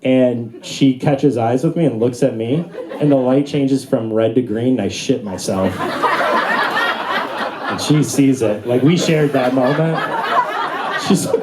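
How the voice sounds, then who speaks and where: On a club stage, a young man does a stand-up set, telling stories animatedly and jumping into high, squeaky voices for his characters. He's a little slow, the recording very noisy, with audience laughter throughout.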